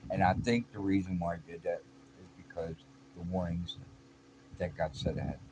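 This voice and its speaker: Man with a low voice, earnest and halting storyteller, noisy recording. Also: steady tone, darkish tone. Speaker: vlogger. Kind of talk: casual confessional storytelling. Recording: noisy background.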